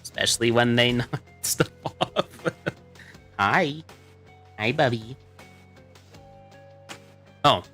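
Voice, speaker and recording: A man's voice: lowish voice, bright, forceful tone. A man giving sarcastic, theatrical let's-play commentary as a mock-villain streamer persona. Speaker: VTuber streamer.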